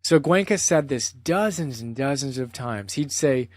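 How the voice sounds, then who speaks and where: A man's voice: mid-range voice, moderate pace, hardly any pauses, dry recording, studio quality. A man presenting a spoken book summary in an earnest, conversational way, often reading out quotes.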